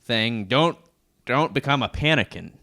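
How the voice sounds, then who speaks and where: A man's voice: medium pitch, lively intonation, a little slow, vocal fry, sharp tone, dry recording, clean studio sound. A man co-hosting a comedy podcast, reading out news quotes and tossing in irreverent, profane quips. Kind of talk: casual comedic banter.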